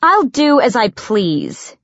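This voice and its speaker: A woman voicing a defiant, sharp-tongued young woman assassin. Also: medium pitch, lively intonation, moderate pace, no echo, muffled recording, pitched above the performer's own voice, natural voice.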